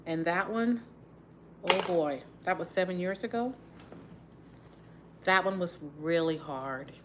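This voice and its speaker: A woman's voice: fairly low pitch, animated, takes it slowly, a little hiss or hum. A middle-aged woman from Texas, livestreaming as she twists her braids, sighing often and holding back tears. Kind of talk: casual livestream chat while doing her hair.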